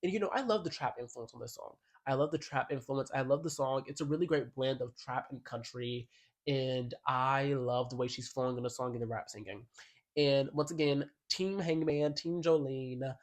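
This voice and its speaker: This male music commentator has a mid-range voice and talks at normal speed. Reviewing an album in a laid-back vlog, he keeps things sassy, slangy and emphatic, sometimes pausing to read out song lyrics.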